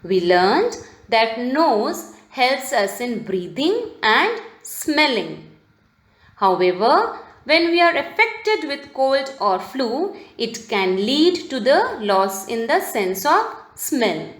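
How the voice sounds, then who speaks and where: Female teacher, video lesson for children, slightly high voice, slow careful delivery that spells words out, echoey room. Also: very animated, a bit bright. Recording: roomy echo.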